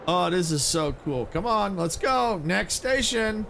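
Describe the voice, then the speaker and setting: A man giving casual, excitable commentary while playing a video game, exclaiming and laughing often. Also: high voice, unhurried, gravelly, few pauses, slight background noise. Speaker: gaming streamer.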